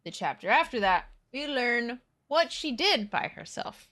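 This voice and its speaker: A woman's voice: a little high, a little slow. A woman co-hosting a podcast, casually recapping a book and chatting. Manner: relaxed, recapping the plot with acted quotes. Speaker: podcast co-host.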